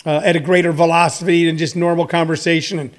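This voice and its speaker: A man's voice: fairly high pitch, little pitch movement, quick pace. A man in his sixties who runs a comedy school, talking in a rambling, joking monologue full of fillers. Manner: meandering, joking, many fillers.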